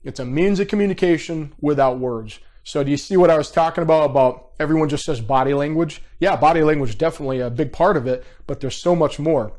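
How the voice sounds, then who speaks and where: A man's voice: a little high, fast talker, hardly any pauses, a little mellow. A man teaching a behavior profiling class over a video call. He talks casually and directly and keeps checking in with the class. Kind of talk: live online coaching class.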